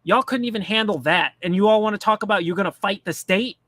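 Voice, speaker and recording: A man's voice: high voice, quick pace, fairly bright tone, dry recording. A man ranting bluntly and profanely in casual political commentary, mocking the people he talks about. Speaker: commentary streamer.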